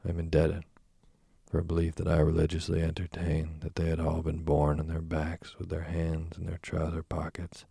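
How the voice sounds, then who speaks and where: A man giving a slow, deliberate scripted narration of a classic novel as an audiobook narrator. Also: extremely low pitch, monotone, vocal fry, mellow, husky, no echo, studio quality.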